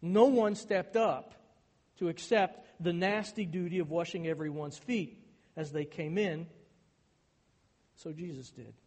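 A man's voice: on the high side, a little slow, pauses often, slightly rough. A male pastor preaching a sermon, his delivery turning emphatic and intense on key points. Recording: hall reverb.

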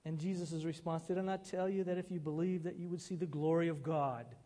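A man preaching a sermon as pastor, expressive and acting out quoted lines. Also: on the high side, moderate pace, big-room sound.

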